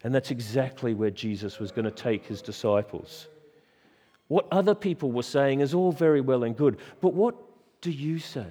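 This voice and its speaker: A man's voice: mid-range voice, expressive, dark tone, slightly rough, big-room sound. A man preaching a sermon in a church, stressing key words and asking repeated rhetorical questions. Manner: emphatic, with dramatic pauses and repeated rhetorical questions.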